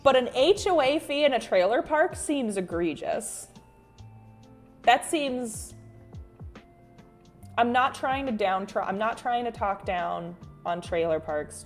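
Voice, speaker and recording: Chatty woman hosting a drawing stream. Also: mid-range voice. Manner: chatty and rambling, with frequent restarts and sudden soft hums. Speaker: artist livestream host. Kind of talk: casual livestream chat, reading viewer comments while drawing.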